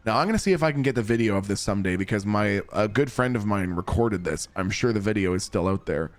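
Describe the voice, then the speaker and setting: A man's voice: on the low side, sing-song, a little fast, soft background music. Man rambling through a story. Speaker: streamer. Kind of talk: casual storytelling to chat. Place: home streaming setup.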